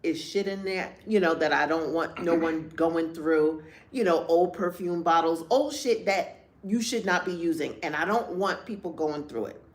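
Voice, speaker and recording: A woman's voice: fairly low pitch, normal speed. A woman in her fifties co-hosting a candid chat show, telling a story with vivid acted-out quotes and blunt, profane language. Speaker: podcast co-host.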